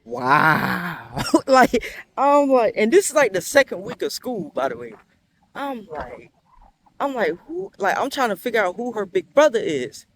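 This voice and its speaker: Man with a slightly high voice, casual storytime, slangy, laughs as he talks. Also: a little slow. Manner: animated, slangy, laughs while telling. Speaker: storyteller vlogger.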